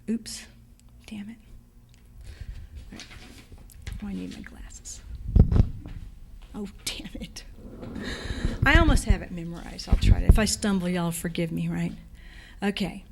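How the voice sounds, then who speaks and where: Energetic woman giving a rushed art lecture. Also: medium pitch. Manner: energetic, rushed, self-correcting, speaks to audience. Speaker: guest lecturer. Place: lecture hall.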